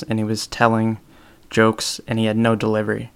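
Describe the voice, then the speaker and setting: This young man's voice is fairly low and monotone, moving at a moderate pace with a clean tone. Hosting his own podcast alone, he talks casually about storytelling, rambling and often restarting with plenty of ums.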